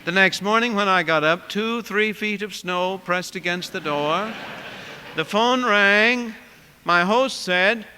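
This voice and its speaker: A male preacher telling a sermon story vividly, swinging from loud lines to quiet ones. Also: sits high, slow pace, smooth. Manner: vivid storyteller with wide swings in loudness, dropping to a hush. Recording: long hall reverb.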